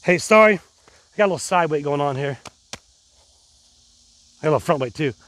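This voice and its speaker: A man's voice: a little high, animated, brisk, a bit bright. A middle-aged man vlogging casually to his viewers, rambling and restarting, pumped up on adrenaline. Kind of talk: casual vlog talk to viewers.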